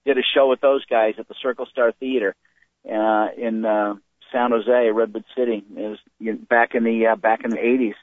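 Middle-aged male stand-up comedian, lively storyteller, acts out quotes; tinny phone-quality audio. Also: fairly low pitch, moderate pace, no echo. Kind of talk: storytelling in an interview. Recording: phone-like dry sound.

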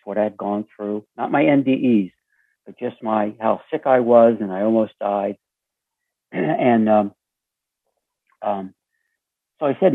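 A man with a raspy voice telling a story as an interview guest, acting out the dialogue with lively shifts. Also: on the low side, no echo. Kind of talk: storytelling conversation. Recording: tinny phone line.

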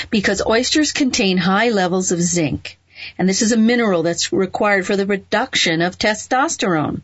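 A woman's voice: medium pitch, husky, dry recording. A woman hosting an advice show in a playful, chatty way, laughing at her own rhymes and slips. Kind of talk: casual radio-style advice talk. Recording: dull lo-fi dry sound.

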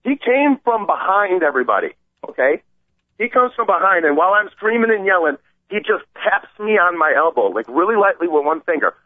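A man calling in to a radio show and telling an animated, rambling story, acting out the voices of the people in it. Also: high voice, brisk, no echo. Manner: excited, acts out quoted voices, rambling. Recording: tinny phone line, dry.

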